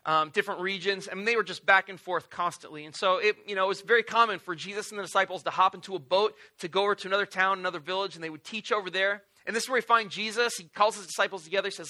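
Bright-voiced, chatty young preacher. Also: male voice, high voice, fast, few pauses. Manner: casual, animated storytelling with playful asides. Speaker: pastor. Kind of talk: sermon.

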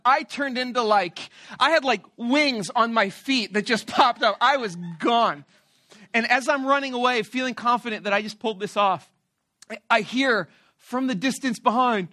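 A man preaching a sermon who tells a story about himself in an animated, playful and self-mocking way. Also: very high-pitched, no room sound, studio quality. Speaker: pastor.

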